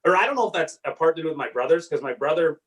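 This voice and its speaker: A man's voice: a little high, expressive, racing, far from the mic, low-quality recording. A man from Saskatchewan, a comedian guest, telling rambling, self-deprecating stories in casual podcast chat. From Saskatchewan, Canada. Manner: rambling, self-deprecating storyteller, acts out quotes loudly.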